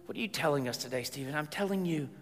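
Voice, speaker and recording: A man, preaching a sermon as a chatty, humorous storyteller who gets loud at times. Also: fairly high pitch, lively intonation, quick pace, in a large hall, soft background music. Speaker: pastor.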